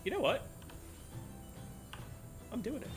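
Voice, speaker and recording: A man's voice: extremely high pitch, wildly swooping pitch, slow pace. A man chatting live while streaming a game, rambling playfully and laughing at himself. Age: adult. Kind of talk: live gameplay chat. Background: game music.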